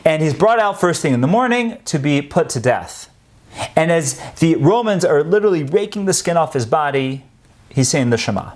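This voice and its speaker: A man's voice: a little high, expressive, normal speed. A man giving a storytelling lecture on Jewish history, acting out the quotes in his stories.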